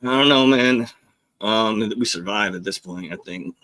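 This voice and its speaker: A man with a bright, forceful voice tells stories in a loose, rambling way. He jumps into quoted lines and laughs as he goes, like a guest chatting on a podcast. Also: lowish voice, moderate pace. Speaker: podcast guest, former Navy journalist. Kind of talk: casual storytelling.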